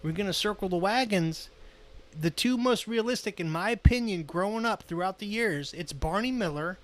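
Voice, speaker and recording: A man co-hosting a casual podcast and telling stories in an animated, profane way. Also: high-pitched, moderate pace. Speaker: podcast co-host, former police officer.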